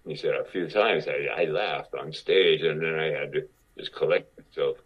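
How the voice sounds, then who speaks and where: Very deep husky man telling stories. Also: normal speed, muffled recording. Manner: acts out other people's lines while telling stories. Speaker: guest actor. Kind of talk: casual anecdotal storytelling.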